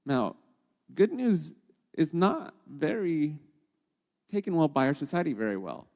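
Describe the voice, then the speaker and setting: A man's voice: on the high side, big pitch swings, measured pace, creaky, a little mellow, big-room sound. A man hosting a podcast and teaching scripture in a conversational devotional way, often checking in with his listeners by asking "okay?" and "right?".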